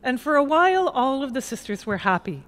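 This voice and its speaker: A woman storyteller narrating a folk tale in a lyrical, expressive way in a museum gallery. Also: high voice, a little fast.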